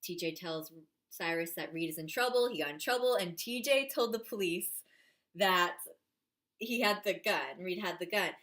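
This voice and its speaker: A woman in a casual reaction vlog, gushing and excitable about an episode, full of "like" fillers. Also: lowish voice, normal speed. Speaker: vlogger reviewing a TV episode.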